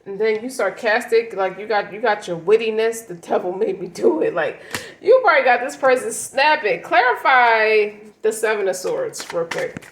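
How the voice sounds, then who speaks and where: A woman reads tarot cards in a loose, conversational way, blunt and full of slang, leaning hard on her points. Her voice sits at an ordinary middle pitch. The room around her is noticeably echoey. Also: lively intonation, moderate pace. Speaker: tarot reader. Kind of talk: casual tarot reading.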